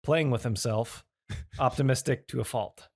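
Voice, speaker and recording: A man co-hosting a podcast, reading out a list of items in a steady, matter-of-fact way. The recording is dry, with no room sound around his voice. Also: medium pitch, moderate pace, vocal fry, breathy edge, no room sound. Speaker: podcast co-host. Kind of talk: casual chat.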